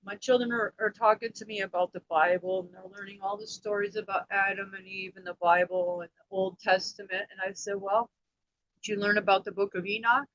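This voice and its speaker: A woman's voice: mid-range voice, fairly even intonation, a little fast, fairly bright tone, no room sound, dull audio. An emotional woman in her thirties, rambling on a personal livestream about her family, upset and close to tears. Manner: rambling, emotional, repeats herself. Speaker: livestream host.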